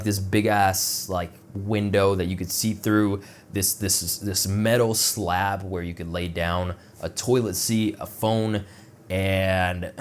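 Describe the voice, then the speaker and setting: A man's voice: on the low side, slight background noise. A young man telling a personal story in casual, rambling talk, full of filler words and swearing, acting out the other people in it. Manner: rambling, profane, heavy filler words, laughs at his own jokes; acts out other people's lines in quoted voices. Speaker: vlogger.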